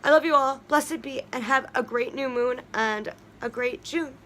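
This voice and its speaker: A woman vlogging to her viewers about witchcraft herbs, talking casually and rambling with quick asides. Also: high voice, a bit bright. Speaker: vlogger sharing witchcraft tips. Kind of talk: casual chat to camera.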